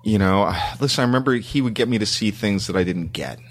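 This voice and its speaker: Deep-voiced man chatting with many ums. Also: lively intonation, fairly quick. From Canada. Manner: rambling with many ums and restarts. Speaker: guest screenwriter. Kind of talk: casual interview chat.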